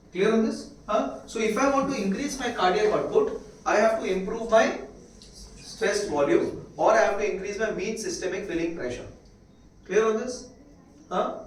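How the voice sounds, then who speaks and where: Echoey lecturer with an Indian accent. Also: male voice, high voice. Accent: Indian English. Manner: repetitive, checks understanding with quick questions. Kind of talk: classroom lecture at a whiteboard. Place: classroom. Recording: echoey room, mic far off.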